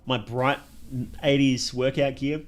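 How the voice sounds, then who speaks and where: A man's voice: medium pitch, fairly even intonation, slow. A young man with an Australian accent, chatting casually with his live stream chat and laughing often.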